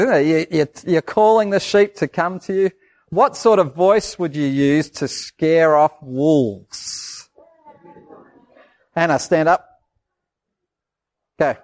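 Lively male pastor. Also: on the high side. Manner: lively, asks the children questions and acts out voices. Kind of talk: children's sermon.

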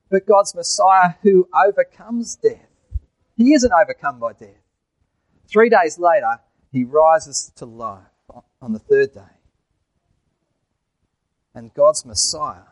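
A man's voice: fairly high pitch, no echo, rough recording. A man preaching a sermon in church, asking the congregation questions and telling jokes.

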